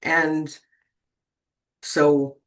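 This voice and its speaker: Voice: mid-range voice, flat delivery, drawn-out words. A person in their sixties hosting a tarot channel, chatting casually and rambling with lots of fillers and restarts, and often checking in with "right?". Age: 60s. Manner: rambling, keeps asking "right?". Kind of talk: casual spiritual talk to viewers.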